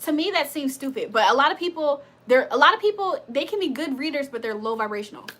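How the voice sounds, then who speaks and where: Fast and expressive, this woman's high voice carries a fairly bright tone. As host of a tarot livestream, she chats casually and tells stories, laughing a lot and swearing freely.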